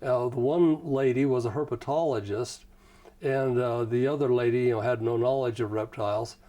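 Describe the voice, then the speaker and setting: This interview guest has a steady, mellow mid-range voice and speaks at normal speed. His casual storytelling is folksy and rambling, with frequent use of "you know."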